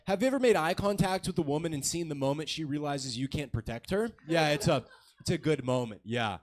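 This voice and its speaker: Twenty-something guy doing standup, crude and self-roasting, voice jumps all over, sits kinda high. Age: 20s. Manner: crude, self-mocking, loose and rambling. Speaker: stand-up comedian. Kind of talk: stand-up comedy set. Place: comedy club stage with live audience.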